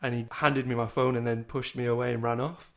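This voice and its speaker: A man's voice: mid-range voice, flat delivery, fairly quick, a bit bright. A young man co-hosting a casual podcast, telling a long rambling story with casual swearing. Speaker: podcast co-host.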